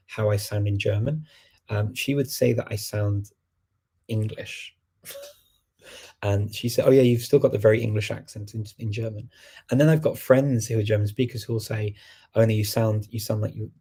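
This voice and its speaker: Gravelly, husky man chatting casually. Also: lowish voice, warm tone. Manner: conversational and emphatic, many restarts and laughs. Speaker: language-learning show host answering viewer questions. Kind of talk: casual live Q&A chat.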